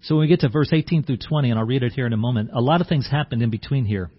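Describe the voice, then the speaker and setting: A man's voice: medium pitch, rapid-fire, slightly rough, lo-fi sound. A man preaching a sermon in a conversational way, acting out the scene and often restarting his words. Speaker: pastor.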